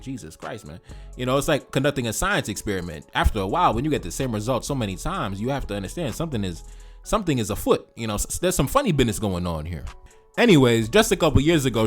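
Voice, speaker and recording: Emphatic man ranting in a reaction video. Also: medium pitch. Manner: emphatic and repetitive, with slangy asides. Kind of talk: commentary reacting to social media posts.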